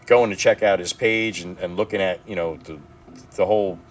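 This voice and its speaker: On a casual livestream, a New Jersey man appears as a guest, his low voice moving at normal speed over slight background noise. He rambles and swears through animated stories.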